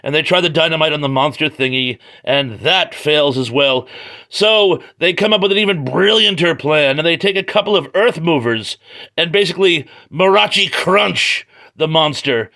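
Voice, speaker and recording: A chatty man walks through an old comic book with wry jokes and asides. His voice is bright and a touch high, and he talks from his garage. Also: moderate pace. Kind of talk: casual read-through review. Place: home garage.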